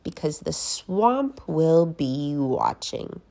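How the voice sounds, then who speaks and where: A woman voicing a mean, strict substitute teacher with a scratchy voice, talking slowly and menacingly in a storybook reading. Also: low voice, sing-song, vocal fry, warm tone, exaggerated voice. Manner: slow, menacing, drawn out.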